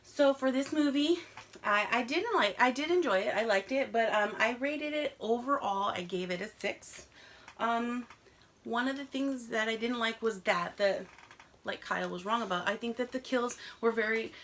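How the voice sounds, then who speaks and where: Woman cohost, slightly high-pitched, animated, blunt, casual chat. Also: normal speed, a little hiss or hum. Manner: animated, swears freely, drops in Spanish words. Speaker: podcast co-host.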